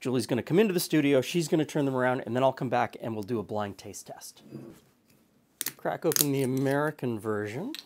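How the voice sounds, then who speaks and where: A man hosting a cooking show, explaining a blind tasting in a relaxed, plain-spoken way from his studio. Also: mid-range voice, fairly quick, a little hiss or hum. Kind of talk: casual tasting chat. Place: home studio kitchen.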